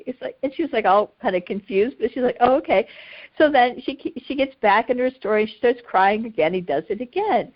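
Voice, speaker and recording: A woman's voice: fairly high pitch, lively intonation, fairly quick. A middle-aged woman coaching a session in a casual way, telling stories with animation, repeating words and laughing often. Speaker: emotional healing coach. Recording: slightly dull audio.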